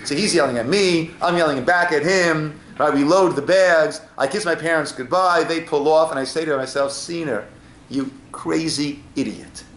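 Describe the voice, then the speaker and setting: A man's voice: a little high, normal speed, hardly any pauses, a bit bright. A man teaching an informal class as a rabbi, telling stories and checking in with "right?" asides. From United States. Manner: storytelling, frequent "right?" asides. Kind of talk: informal Torah class talk. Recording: echoey room with faint ambience.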